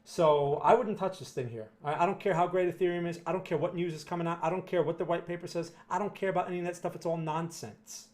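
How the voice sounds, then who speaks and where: A man's voice: a little high, fairly even intonation, quick pace, hardly any pauses, darkish tone. A man with a New Jersey accent giving blunt, emphatic live chart commentary to viewers, often tagging "right?" and "okay?" onto his points. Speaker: market analyst answering viewer questions.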